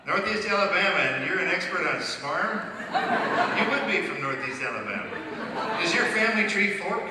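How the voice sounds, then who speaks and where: A man's voice: high-pitched, lively intonation, moderate pace, very noisy. A man answering audience questions on a convention stage in a sarcastic, teasing stand-up manner. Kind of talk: comic Q&A stand-up. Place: stage in a large convention hall. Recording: echoey hall, distant mic, loud crowd ambience.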